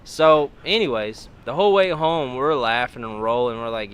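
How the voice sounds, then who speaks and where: Brief: Kentucky man, young, bright mid-pitched voice, rambling laughing storyteller. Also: moderate pace, smooth. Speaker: guest, demolition derby driver. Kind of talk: casual interview storytelling.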